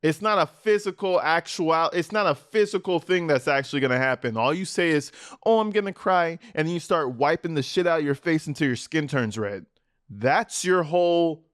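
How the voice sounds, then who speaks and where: A man's voice: on the high side, animated, normal speed, a bit bright, dry recording, studio quality. A man giving profane reaction commentary on police footage in a mocking, sarcastic way. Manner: mocking, sarcastic, swears a lot.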